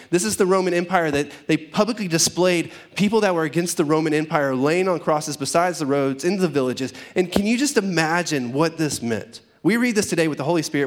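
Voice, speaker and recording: A man preaching a sermon in a relaxed, conversational way, often acting out characters in everyday voices. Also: fairly high pitch. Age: adult parent. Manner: conversational, acts out biblical characters in casual voices. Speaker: pastor.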